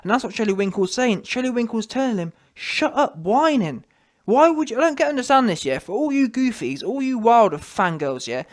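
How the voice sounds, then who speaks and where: A man's voice: extremely high pitch, very animated, quick pace, few pauses. A man giving a sarcastic, punchy sports commentary rant, full of tag questions. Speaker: vlogger commentator.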